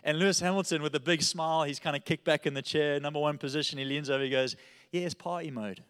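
A male pastor preaching a sermon, telling a story with animated energy and often checking in with "all right?". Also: a little high, fast, clear, resonant tone, big-room sound.

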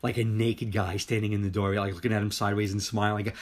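A man in his forties retelling a horror film in a casual chat, excited and profane, acting out the scenes. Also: fairly low pitch, fast. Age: 40s. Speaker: podcast co-host. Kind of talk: casual movie review chat.

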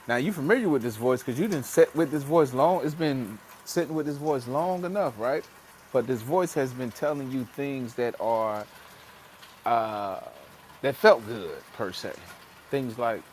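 A man's voice: mid-range voice, unhurried, slight background noise. A man on a casual motivational podcast, talking emphatically in slang and acting out voices when he quotes people. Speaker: podcast co-host.

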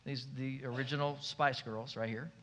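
A man's voice: moderate pace, a little hiss or hum. A man preaching a sermon in a church, telling the story in a folksy, joking way. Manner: folksy, humorous storytelling with lively swings in pitch. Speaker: pastor.

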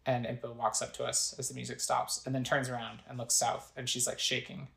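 A woman's voice: a bass voice, flat delivery, fairly quick, vocal fry, a bit bright, reverberant, soft background music, rough recording. A woman casually narrating a video game playthrough, describing the screen and reading its text aloud. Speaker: gamer narrating a let's play.

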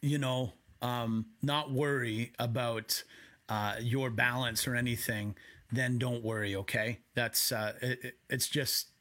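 A man preaching a sermon from home in a conversational way, with quick asides. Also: medium pitch, steady tone, fairly bright tone. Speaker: pastor.

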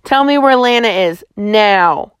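A woman's voice: medium pitch, animated, takes it slowly, clean tone, dry recording, studio quality. A woman doing a stern commanding colonel. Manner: clipped and commanding.

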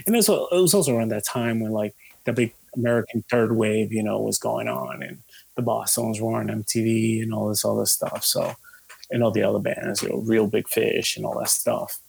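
Gravelly, husky man chatting loosely. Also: lowish voice, brisk, darkish tone, dry recording. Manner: loose and rambling, with frequent fillers, swearing and laughs. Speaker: musician guest. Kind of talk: casual conversation.

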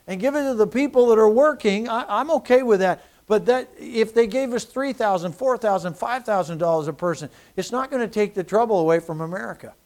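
A man preaching a sermon, animated and personal, often restarting phrases as he tells his testimony. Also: high-pitched, a little fast, few pauses. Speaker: pastor.

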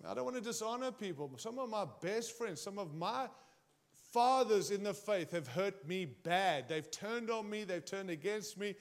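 A man preaching a sermon, speaking emphatically and straight to his congregation, swinging his pitch and volume widely. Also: expressive, moderate pace.

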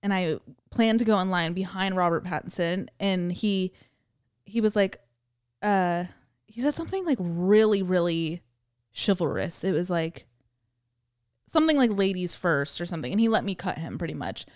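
A woman's voice: lowish voice, moderate pace, pauses often, smooth, no echo, studio quality. A young woman co-hosting a podcast, telling a long rambling story full of fillers and swearing, and acting out the people she quotes. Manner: quotes people in lively acted voices. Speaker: podcast co-host. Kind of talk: casual chat.

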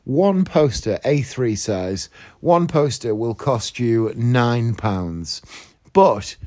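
A man's voice: medium pitch, lively intonation, takes it slowly, darkish tone. A man with a slight northeast English accent, hosting a casual morning podcast from his bed, chatty and rambling, sounding groggy and just woken up. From northeast England. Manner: rambling, chatty, self-mocking. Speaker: podcast host. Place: in bed at home.

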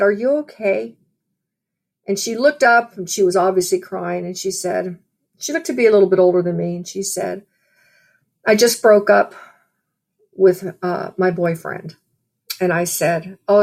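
A woman delivers a sermon in a relaxed, conversational way. She weaves personal stories into scripture and often adds "you know". Her voice sits at an ordinary middle pitch. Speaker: preacher.

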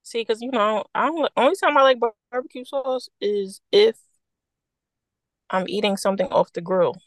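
Playful higher-voiced woman, dry close sound. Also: normal speed, no room sound. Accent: Philadelphia. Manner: playful, laughing, incredulous questions. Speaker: podcast co-host. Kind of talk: casual chat.

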